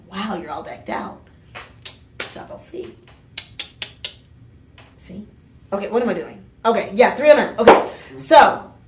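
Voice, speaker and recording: A woman's voice: mid-range voice, slight background noise. Exuberant woman hosting a shopping show. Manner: chatty, exuberant, playful asides. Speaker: home shopping host. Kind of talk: live jewelry sales pitch. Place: TV shopping studio. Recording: roomy studio sound, mic at a distance.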